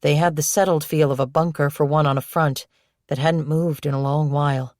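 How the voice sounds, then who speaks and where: A woman reading a novel aloud as narrator, in steady, measured storytelling. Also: low-pitched, no echo, studio quality. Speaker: audiobook narrator. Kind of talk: scripted narration.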